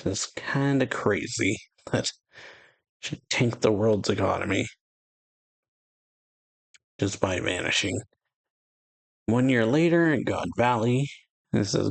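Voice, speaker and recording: A man's voice: fairly low pitch, animated, slow, vocal fry, pauses often, no echo, low-quality recording. A man hosting an anime reaction channel, casually reading manga dialogue aloud and adding chuckles and asides.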